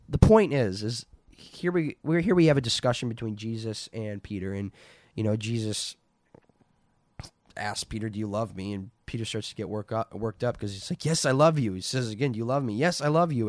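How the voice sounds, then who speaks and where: A man's voice: lowish voice, a little mellow, dry recording. Man, Bible reading and discussion, conversational, earnest, dry recording. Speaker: Bible teacher. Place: lives in North Dakota.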